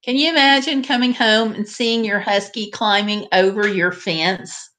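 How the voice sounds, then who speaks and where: A woman's voice: medium pitch, fairly even intonation, a little slow, sharp tone. A woman hosting a live stream, chatting casually and directly with her viewers.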